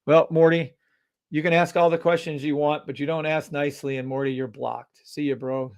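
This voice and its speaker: A man hosting a live trading stream, loud and hyped, cursing freely and dropping from shouts to mutters. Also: a little high, level tone, moderate pace, clean tone, dry recording.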